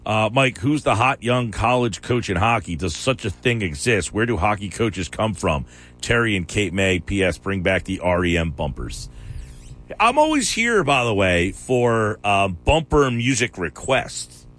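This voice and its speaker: A man's voice: fairly low pitch, fairly bright tone. A man hosting a sports radio show, chatting casually and challenging his co-host's claims. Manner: argumentative, quick to challenge.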